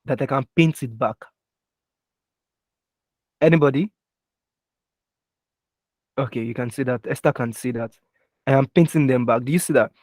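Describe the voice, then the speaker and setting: Young man teaching software, dry mic. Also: medium pitch, moderate pace, long pauses, no room sound. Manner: checks in with students often, steps through keyboard shortcuts. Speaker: design instructor. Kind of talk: live online software tutorial. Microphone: computer mic with keyboard taps heard.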